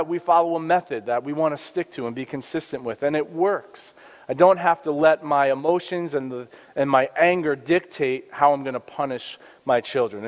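An earnest man in his thirties talks about parenting from a faith angle, with a slightly raised pitch and a loose, conversational flow. His voice trails off in long reverb, and the recording is muffled and lo-fi. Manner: earnest, conversational, with frequent restarts. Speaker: youth ministry worker and parent. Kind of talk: faith-based parenting talk. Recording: dull lo-fi sound with long reverb.

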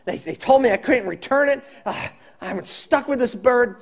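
Man doing a fed-up pet owner: loud, animated, highish voice. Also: moderate pace. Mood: exasperated. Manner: exasperated, animated. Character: exasperated man who bought a cursing parrot.

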